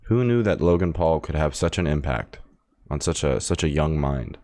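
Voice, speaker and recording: A man's voice: a bass voice, animated, normal speed, mellow, no room sound. A man co-hosting a podcast in casual chat, teasing and dry-humored, on a podcast microphone. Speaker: podcast co-host.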